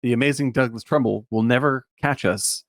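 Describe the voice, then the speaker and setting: A man co-hosting a podcast, chatting casually and jokily. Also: medium pitch. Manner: jokey, quick to laugh, chimes in. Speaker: podcast co-host. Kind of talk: casual chat.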